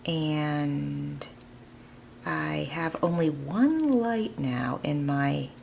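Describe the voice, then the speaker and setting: A woman's voice: low-pitched, lively intonation, very slow, gravelly, a little mellow, a little hiss or hum. A woman hosting a crafting channel, chatting casually and thinking aloud to her viewers as she works in her home art studio. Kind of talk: casual crafting tutorial chat.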